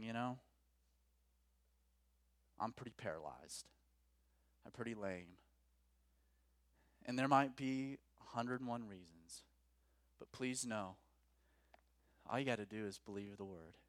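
A man preaching a sermon as pastor, rising to loud emphatic peaks and dropping to quiet, low lines. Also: dry recording, clean studio sound. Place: church.

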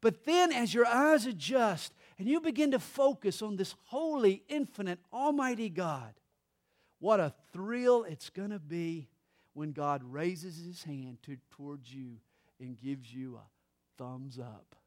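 A middle-aged man, a pastor, preaching a sermon with dramatic pauses and touches of humor. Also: high-pitched, animated.

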